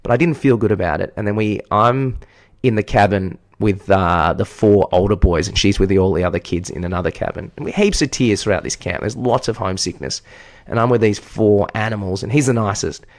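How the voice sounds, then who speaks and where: An Australian man co-hosts a podcast, telling a long story in casual chat with candor, profanity and self-deprecation. His voice is on the low side and a little fast, and there's no echo.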